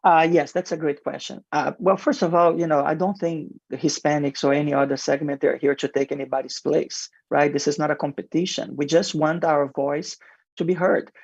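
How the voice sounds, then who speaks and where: A man's voice: fairly high pitch, fairly even intonation, a little fast, vocal fry, darkish tone, breathy edge, no room sound, lo-fi sound. A male marketing executive with a heavy non-native accent, answering radio interview questions in an earnest, explanatory way with frequent fillers.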